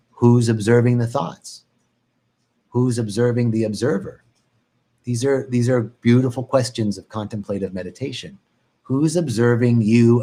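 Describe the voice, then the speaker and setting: A man giving a reflective meditation talk on a live stream, calm and repetitive, now and then lifting his voice to act out anxious thoughts. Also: mid-range voice. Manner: calm, reflective, repeats phrases, swings into animated mock panic. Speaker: meditation teacher.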